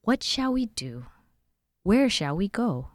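A woman's voice: mid-range voice, sing-song, slow, dry recording, studio quality, pitched above the performer's own voice. A woman voicing an eager, resourceful young girl, the oldest sister, in a storybook reading, with a raised, urging voice. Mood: urgent.

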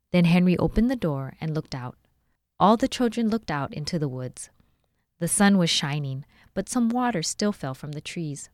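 A woman with a lowish voice reads a children's story aloud, clear and expressive. The recording is close and dry, with no echo at all. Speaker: library volunteer reading aloud.

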